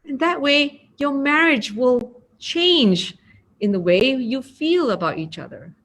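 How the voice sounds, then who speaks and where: A woman with a Singaporean accent giving a gentle mindfulness talk, acting out example phrasings. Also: sits high, expressive, slow. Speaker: meditation teacher.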